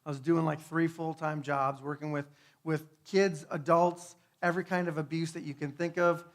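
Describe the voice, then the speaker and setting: Man, higher voice, earnest testimony sermon, conversational, hushed to fervent. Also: flat delivery, moderate pace. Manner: tag questions, fillers. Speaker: speaker.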